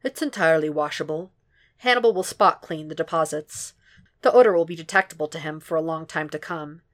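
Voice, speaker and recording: A woman narrating a fan fiction audiobook in a steady, unhurried way. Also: low-pitched. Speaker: podfic reader.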